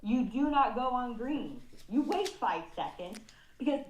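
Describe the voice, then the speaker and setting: A woman's voice: a little high, very animated, unhurried, reverberant, a little hiss or hum, poor audio. A woman in her thirties from California, on a video call, telling a story with lots of laughing and swearing. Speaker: group participant sharing. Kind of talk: casual group video call share.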